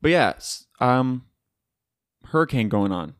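A young man from Florida rambles through a solo podcast from his room at home, cracking jokes, swearing freely and using loose slang. His voice sits at an everyday middle pitch, recorded dry and close with no room echo. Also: animated, unhurried. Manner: joking, swearing, slangy, laughs often. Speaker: podcast host. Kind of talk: casual solo podcast chat. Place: home room by a window in a hurricane.

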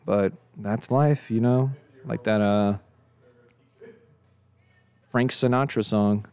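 A man's voice: lowish voice, steady tone, takes it slowly, pauses often, a little mellow, smooth, no room sound. A young man hosting a casual solo podcast, rambling and joking at his own expense, tired from too little sleep. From of Mexican descent. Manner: rambling, joking, self-deprecating. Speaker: podcast host.

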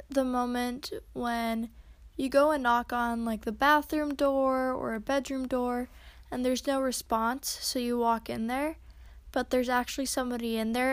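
High-voiced exasperated young woman host. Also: no echo. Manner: exasperated storytelling with acted-out quotes. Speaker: podcast host. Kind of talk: solo casual podcast monologue.

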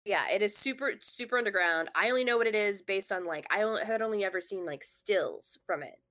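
Fast, rambling woman telling a story. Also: mid-range voice, fairly bright tone. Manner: quick, rambling storytelling with many fillers. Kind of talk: casual chat.

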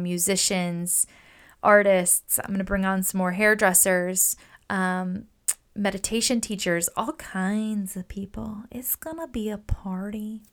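A woman hosting her own podcast in a casual solo monologue, gushing and upbeat, with lots of "like" and "oh my gosh.". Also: mid-range voice. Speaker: podcast host.

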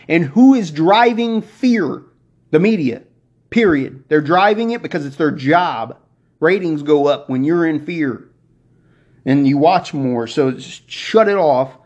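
A man hosting a motivational podcast, preaching excitedly and working himself up as he talks. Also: fairly high pitch, slow, long pauses. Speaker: podcast host. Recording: dull lo-fi recording.

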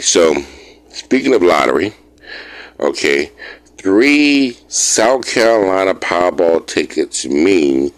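Very deep-voiced man, casual news chat. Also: dry recording. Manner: laid-back, chatty, repeats "you know what I'm saying". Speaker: show host.

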